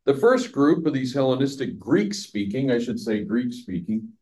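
Mellow-voiced man teaching scripture. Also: mid-range voice, sing-song, moderate pace. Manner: conversational, asks the audience questions, laughs at own jokes. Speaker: pastor teaching a Bible study. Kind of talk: verse-by-verse teaching.

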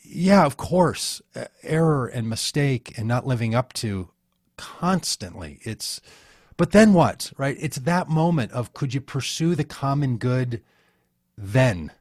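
A man's voice: medium pitch, sing-song, slow pace, darkish tone, no room sound, studio quality. A man, a pastor and interview guest, talking in a rambling, folksy, self-interrupting way. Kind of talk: casual conversation.

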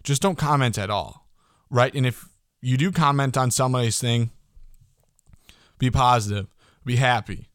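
A man in his early twenties hosting a casual solo podcast, excitable and rambling, swearing freely and often tagging his points with a quick question. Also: mid-range voice, no echo, clean studio sound. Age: early 20s. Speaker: podcast host.

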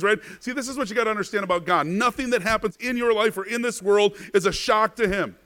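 A man preaching a sermon as a pastor, asking rhetorical questions, often adding "right?", and swinging between hushed and louder passages. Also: high-pitched, quick pace, hardly any pauses. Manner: rhetorical questions, frequent "right?", stammered repeats.

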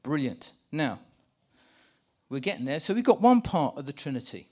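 Brief: male preacher, a touch high in pitch, lively and stumbling over his words, leading a church re-enactment. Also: normal speed. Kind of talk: sermon with live volunteer re-enactment. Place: church with a live congregation.

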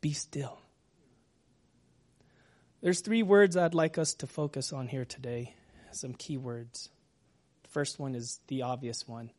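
A man preaching a sermon as pastor, talking gently and sometimes dropping to a whisper. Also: mid-range voice. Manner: slow, gentle, drops to a whisper at times.

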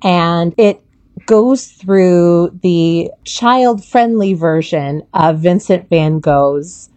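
A woman who is an educator and parent, chatting on a podcast and telling expressive, animated stories about reading with her children. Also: fairly low pitch, very slow, no echo. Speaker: guest educator. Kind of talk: casual podcast chat.

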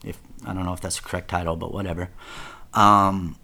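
A man with a very low voice tells his own story in a loose, confessional way. He swears freely, restarts his sentences and keeps dropping "dude" and "man". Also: little pitch movement, fairly quick, sharp tone. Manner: profane, rambling, repeats words and says "dude" often. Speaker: guest telling his life story.

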